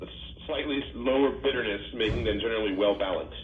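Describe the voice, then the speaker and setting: A man's voice: medium pitch, quick pace, echoey room, phone-quality sound, slight background noise. A man co-hosting a radio show, reading out details in casual banter.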